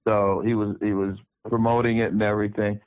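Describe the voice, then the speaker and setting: A man's voice: on the low side, flat delivery, fairly quick, no room sound, narrow, tinny audio. A man over sixty, a musician guest, telling stories in a casual interview, often repeating words as he goes.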